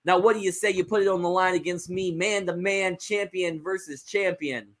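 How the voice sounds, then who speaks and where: A man's voice: sits high, steady tone, moderate pace, pitched above the performer's own voice, natural voice. A man voicing a confident male wrestling champion delivering an emphatic promo. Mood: proud defiant.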